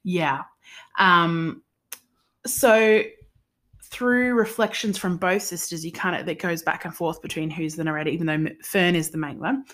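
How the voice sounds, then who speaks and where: A woman's voice: fairly low pitch, fairly even intonation, moderate pace, a bit bright. An Australian woman co-hosting a casual book podcast, giggly and rambling, poking fun at herself. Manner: giggly, rambling, self-deprecating. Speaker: podcast co-host. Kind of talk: casual chat.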